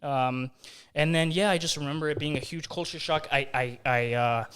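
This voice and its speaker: A young man from England who speaks with an American accent, recounting his school days in a loose, rambling way. His voice is clear and smooth and sits a little higher than most men's, and he keeps stopping to restart a thought. The tone is a relaxed basement podcast chat. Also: normal speed. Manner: rambling storyteller with many fillers and restarts. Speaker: podcast host. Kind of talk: casual chat. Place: basement studio.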